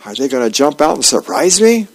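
A man's voice: mid-range voice, sing-song, a little fast. A man voicing an eager middle-aged husband from a comic strip, calling out around the house.

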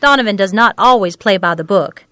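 An actress voicing an earnest, measured woman who tells of a family's troubles. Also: mid-range voice, bright, forceful tone, dry recording, clean studio sound, close to an everyday voice. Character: woman, an older local who runs a clinic.

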